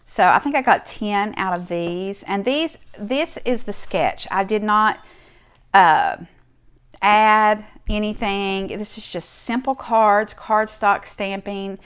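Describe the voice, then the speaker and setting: A woman's voice: medium pitch, takes it slowly, a bit bright, clear, resonant tone. A middle-aged woman hosting a crafting video, chatting casually and enthusiastically as she shows off her handmade cards. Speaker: crafting channel host. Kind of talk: casual show-and-tell vlog.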